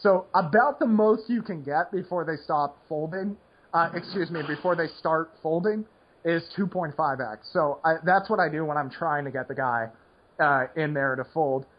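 A man's voice: a little high, normal speed, highs cut off, slight background noise. A man hosting a poker podcast, rambling casually with lots of "like" and restarts. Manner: rambling, heavy use of "like" and restarts.

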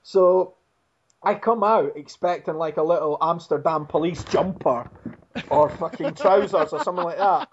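High-voiced man telling a sweary story. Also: moderate pace, background noise. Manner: expletive-heavy, animated storytelling. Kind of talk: casual anecdote. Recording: dull lo-fi sound.

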